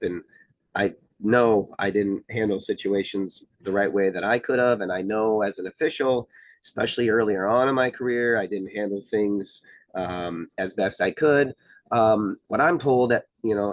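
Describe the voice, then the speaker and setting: Measured middle-aged man explaining rules. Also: fairly low pitch, no echo. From Iowa, US. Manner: measured, explanatory, many fillers. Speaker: wrestling official, guest. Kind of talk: casual podcast conversation.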